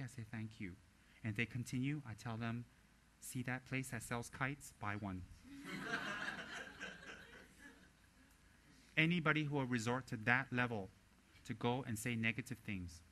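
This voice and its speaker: Man, buddhist teacher, dharma talk, blunt and animated, bright edge to the voice. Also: medium pitch, a little hiss or hum.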